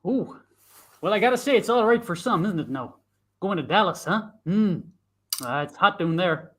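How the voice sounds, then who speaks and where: A man's voice: high voice, animated, moderate pace, a bit bright. A man improvising a proud, folksy 1960s family man in a comedy scene. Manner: folksy, self-satisfied.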